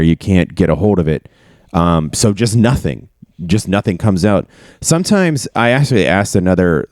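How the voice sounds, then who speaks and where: A man's voice: lowish voice, darkish tone, no echo, studio quality. A man talking candidly and ramblingly in a casual podcast chat, swearing now and then. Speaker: podcast host.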